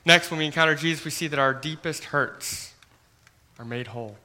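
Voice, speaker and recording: A pastor preaches a sermon in a bright, forward voice that sits a little high and runs a little fast. His delivery is earnest and often drops into a quiet hush, and he stumbles over repeated words at the beginning of his phrases.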